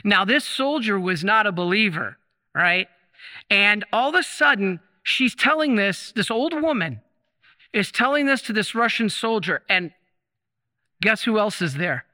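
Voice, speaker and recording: A man preaching a sermon in a chapel, impassioned and emphatic, slowing down to stress key phrases. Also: high voice, lively intonation, pushed and bright. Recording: long chapel reverb.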